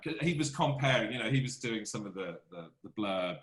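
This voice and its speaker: A male composer chats as an interview guest, spinning self-deprecating anecdotes with lively swings in pitch. The sound is roomy, with noticeable echo off the walls. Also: a little fast, few pauses. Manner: animated, self-deprecating storyteller. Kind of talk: casual interview conversation.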